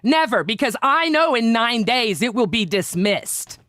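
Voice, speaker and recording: A woman's voice: fairly high pitch, very animated, unhurried, a bit bright, dry recording, clean studio sound. A woman co-hosting a reaction livestream, ranting in an indignant, profane way. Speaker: livestream co-host. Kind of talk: heated reaction livestream rant.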